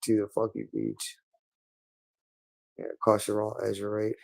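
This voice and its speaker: A man's voice: lowish voice, completely flat delivery, unhurried, creaky. A man speaking in a hostile, repetitive monologue, berating someone and swearing constantly. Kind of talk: angry monologue.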